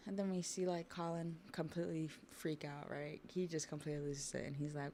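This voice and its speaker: A woman hosting a livestream, chatting casually about a manga while drawing, with relaxed asides to her viewers. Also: low-pitched, fairly quick, few pauses, slight background noise. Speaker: livestream host.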